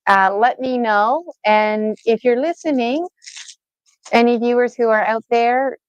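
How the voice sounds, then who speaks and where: A woman co-hosts a live stream, chatting loosely and thinking aloud as she goes. Her voice is smooth and clear, recorded dry over slightly dull stream audio. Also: on the high side, measured pace, no room sound. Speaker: co-host and gemstone reader. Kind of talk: casual livestream talk. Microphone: video call.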